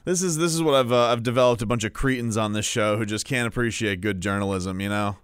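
A man's voice: fairly low pitch, fast talker, smooth, no room sound, studio quality. A man hosting a radio sports show, chatting casually with jokes and stammering restarts. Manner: animated, jokey, stammering restarts. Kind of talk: casual morning radio banter.

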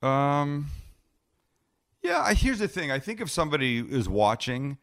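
A man's voice: fairly high pitch, unhurried. A middle-aged man, a TV cooking host, telling stories casually in a podcast interview at home and acting out conversations. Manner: animated storyteller, acts out dialogue. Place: home living room.

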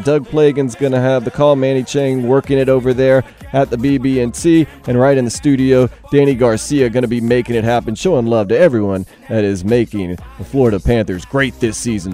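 A young man hosting sports radio, playful and energetic, jumping up in pitch to hype the coming shows. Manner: energetic, playful, jumps high in pitch for emphasis. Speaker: radio host. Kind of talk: upbeat sports radio promo. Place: radio studio.

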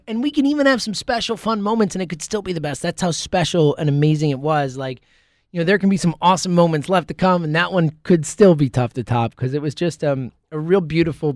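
A man hosting a sports talk show in a casual solo monologue, rambling and excitable, full of fillers and restarts. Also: high voice, no echo, clean studio sound. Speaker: sports podcast host.

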